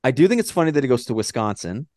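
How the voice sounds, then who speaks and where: A man from Texas with a Texan accent, co-hosting a casual movie-review podcast and ranting in a profane, animated way. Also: medium pitch, rapid-fire, dry recording, clean studio sound. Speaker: podcast co-host.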